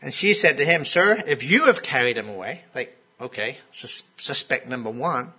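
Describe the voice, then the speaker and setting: A man's voice: mid-range voice, lively intonation, normal speed, hardly any pauses, pushed and bright, slightly rough. A man preaching a sermon in a conversational way, often putting questions to his listeners.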